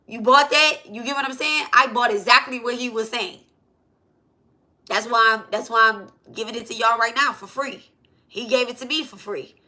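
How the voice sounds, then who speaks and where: Woman, casual spiritual teacher, bright voice, keeps checking in with listeners. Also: on the high side. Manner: repetitive, asks "okay?" and "right?" often.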